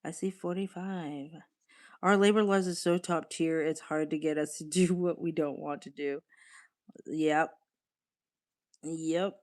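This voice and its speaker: A woman's voice: low-pitched, steady tone, a little slow, long pauses, a little mellow. A young woman, chatting casually with viewers on a live stream, laughing often and swearing now and then. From Australia.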